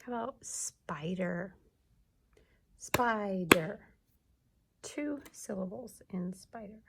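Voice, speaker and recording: Slow, gravelly woman teaching young kids. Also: medium pitch, noisy background. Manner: slow, clearly sounded-out teaching. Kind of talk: early-grades classroom video lesson.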